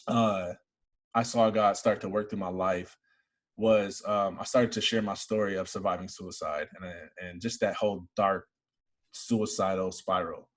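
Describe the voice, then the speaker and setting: A young man from Michigan, appearing as an interview guest, earnestly tells a personal faith story that builds to excited emphasis. His voice is lowish.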